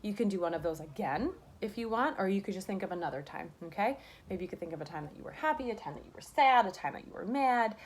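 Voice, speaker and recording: A young woman runs a remote writing lesson for small children, her sing-song voice full of encouraging rhetorical questions. She records at home on a camera mic. A faint room hum sits underneath her medium-pitched voice. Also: animated, fast talker, hardly any pauses. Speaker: kindergarten teacher.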